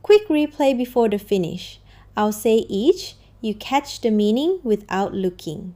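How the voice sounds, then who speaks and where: A woman teaching a scripted language lesson, saying each word slowly and repeating it, in an upbeat, encouraging way. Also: on the high side, big pitch swings, warm tone. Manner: models words slowly and repeats each one.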